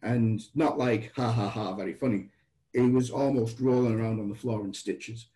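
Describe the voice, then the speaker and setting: Heard over poor audio, this guest is a middle-aged man from Britain talking at normal speed in a mid-range voice. His storytelling is casual and anecdotal, full of restarts and animated renditions of quoted speech.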